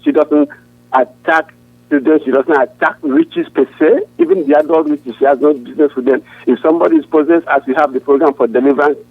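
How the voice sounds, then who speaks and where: A man, a pastor, answering interview questions in an earnest, halting way with frequent restarts. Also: on the high side, animated, no room sound. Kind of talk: answering questions over a phone line. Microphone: phone. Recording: tinny dry phone line.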